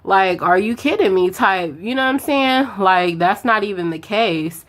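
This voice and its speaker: A woman's voice: medium pitch, animated, moderate pace. A young woman chatting casually as she tells a story while doing her makeup, acting out both sides of the conversation with slang. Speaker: beauty vlogger telling a story.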